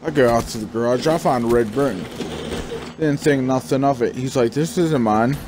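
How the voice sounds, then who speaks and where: A man's voice: medium pitch, moderate pace, background noise. A young man casually telling a rambling personal story over gameplay, acting out his own panicked thoughts and swearing now and then. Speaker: gaming vlogger.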